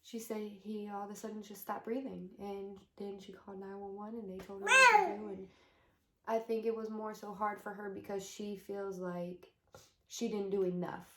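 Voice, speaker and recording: A young woman vlogger telling a personal story to the camera, emotional and halting, with many pauses. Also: mid-range voice, sharp tone. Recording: echoey room.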